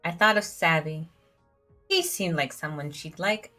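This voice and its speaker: A woman's voice: low voice, measured pace, pushed and bright, faint music behind. A woman playing a story game and reading its dialogue aloud, laughing at herself as she goes. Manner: giggly, self-deprecating, reads dialogue aloud. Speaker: gamer reading all the game's characters. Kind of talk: let's play commentary.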